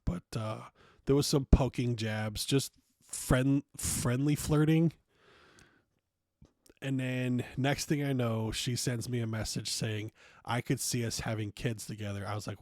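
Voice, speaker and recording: A young man with a medium-pitched, slightly mellow voice hosts a podcast, recorded dry with clean studio sound. In a casual monologue he tells a personal story bluntly and profanely, acting out the dialogue.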